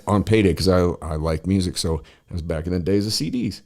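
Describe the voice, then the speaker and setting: Casting note: man, forties, very low voice, rambling and profane storyteller on a chat show. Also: quick pace, darkish tone. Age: 40s. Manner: rambling, profane, lots of fillers and restarts. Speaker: podcast host.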